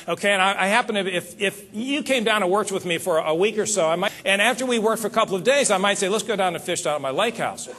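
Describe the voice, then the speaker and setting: A man giving a motivational sales seminar on stage, talking straight to the audience in an animated way. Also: high voice. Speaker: seminar speaker.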